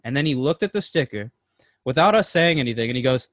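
A man co-hosting a podcast, telling a story in an excited, animated way with plenty of slang and swearing. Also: medium pitch, a little fast, no echo. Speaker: podcast co-host. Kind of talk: casual storytelling chat.

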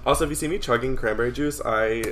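A man's voice: mid-range voice, fast talker, a bit bright, slight background noise. A man guesting on a podcast in casual chat, laughing often and retelling scenes animatedly, calling in over a video call while on the road.

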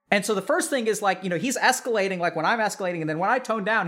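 The psychiatrist races along with hardly any pauses, his voice strikingly high as he addresses his live chat audience. His loose, animated delivery is packed with "like" fillers, and he refers to the listeners as y'all.

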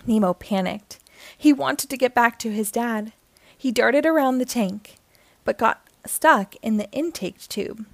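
A woman reading a children's picture book aloud in a gentle storytelling manner. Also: on the high side, measured pace, gravelly, no echo.

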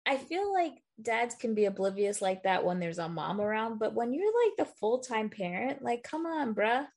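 A woman with a husky, gravelly voice chats with a friend about a film. Her pitch moves around a lot as she gives blunt, slangy reactions and laughs often. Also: lively intonation, moderate pace, darkish tone. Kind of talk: casual chat.

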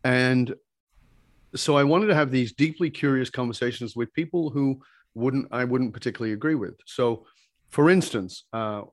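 A man speaks as an interview guest, a communication skills teacher recounting his experiences. His delivery is animated and emphatic, climbing into excited peaks as he retells exchanges. His voice sits in a middle pitch, recorded close and dry with almost no room sound. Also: dry recording. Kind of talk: animated personal storytelling in conversation.

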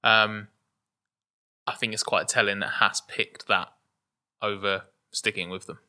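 A man's voice: lowish voice, steady tone, unhurried, sharp tone. A man co-hosting a motorsport podcast, thinking aloud with frequent fillers and restarts. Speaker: podcast co-host. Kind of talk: casual motorsport discussion.

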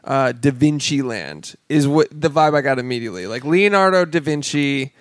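A man's voice: medium pitch, animated, normal speed, no echo, studio quality. A man co-hosting a casual podcast chat, joking, swearing freely and laughing often. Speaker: podcast co-host.

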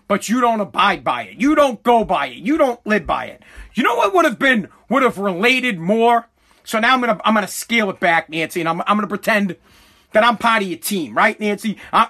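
A man's voice: sits high, bright, forceful tone. A man ranting about politics, heated and profane, talking to his viewers. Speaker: commentator.

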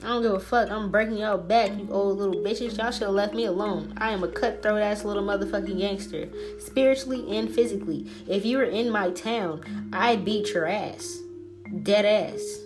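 A woman's voice: mid-range voice, moderate pace, over music. A woman hosting a spiritual podcast alone, ranting in a brash, profane, trash-talking way. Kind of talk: casual solo podcast rant.

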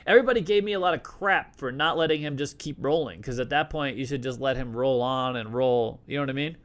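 A man's voice: medium pitch, fast talker, fairly bright tone. A man hosting a casual live stream, talking loosely and joking with lots of restarts. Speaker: host.

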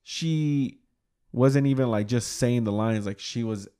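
A man's voice: mid-range voice, unhurried, mellow, smooth. Young man, rambling casual co-host. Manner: rambling, many fillers like "like". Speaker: podcast co-host. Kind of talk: casual podcast chat.

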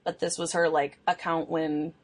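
A young woman co-hosting a podcast, casually telling a true crime case, chatty and quick to laugh. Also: deep voice, level tone. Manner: chatty storytelling, laughs often, swears. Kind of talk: casual chat.

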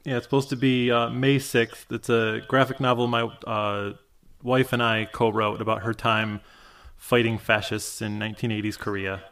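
Male interview guest, relaxed and self-deprecating, joking easily over a remote line. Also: medium pitch, normal speed, clean tone. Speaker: guest, cartoonist. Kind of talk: casual interview chat.

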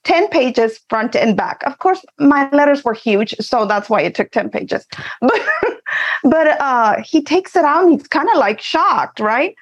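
A woman from Texas, an author, telling a personal story in an animated, laughing way. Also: high voice, measured pace, lo-fi sound. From Eagle Pass, Texas. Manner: animated, laughs often while telling stories. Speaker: author and guest. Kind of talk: casual storytelling.

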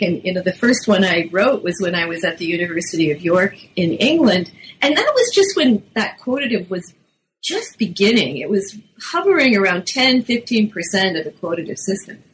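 A middle-aged woman, a linguist, answering interview questions about her book in a lively explanatory way, sometimes acting out quotes. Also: medium pitch, normal speed, low-quality recording. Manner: lively, acts out teen quotes. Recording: faint background noise.

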